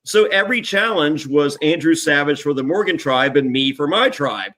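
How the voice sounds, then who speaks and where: A man co-hosting a podcast, swearing freely as he tells animated stories and acts out other people's voices. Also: fairly high pitch, moderate pace. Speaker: podcast co-host, former reality show contestant. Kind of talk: casual storytelling chat.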